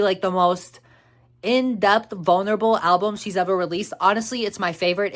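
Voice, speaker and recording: A young woman vlogging in a casual, rambling way, full of fillers and the odd swear word, who gets soft and quiet when she opens up. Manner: drops to a soft, low voice when talking about her fears. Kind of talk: casual chatty vlog talk.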